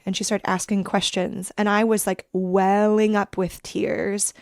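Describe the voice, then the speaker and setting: A woman in her thirties, a podcast guest telling a personal story in an earnest, reflective, halting way. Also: medium pitch, steady tone, no echo, studio quality. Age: 30s.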